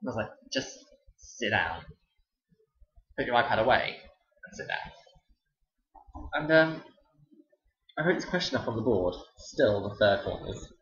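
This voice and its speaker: A man's voice: mid-range voice, lively intonation, unhurried, long pauses, fairly bright tone. A young man, a teacher, telling stories casually to camera with a dry, sarcastic delivery. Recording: roomy, dull lo-fi sound.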